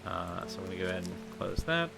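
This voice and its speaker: A man's voice: low-pitched, big pitch swings, quick pace, gravelly, over music. A man streaming a game live, thinking aloud and asking his viewers what to do next. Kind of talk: live gameplay commentary.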